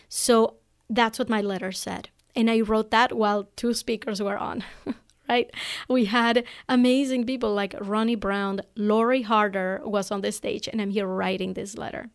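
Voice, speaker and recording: A woman's voice: mid-range voice, steady tone, normal speed, vocal fry. A woman hosting her own podcast, telling a personal story in an earnest, heartfelt way with casual fillers. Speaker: podcast host.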